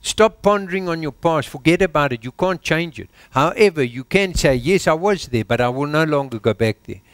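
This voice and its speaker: A South African pastor preaching a sermon in church, exhorting with rhetorical questions and dropping his voice low for emphasis. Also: expressive, normal speed, a bit bright, clean tone, no room sound.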